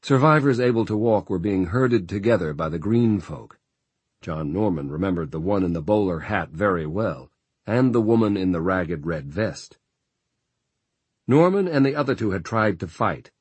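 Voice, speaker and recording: Man, audiobook narrator, very low voice, husky, dry close recording, measured reading. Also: expressive, a little mellow, dry recording. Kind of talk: scripted narration.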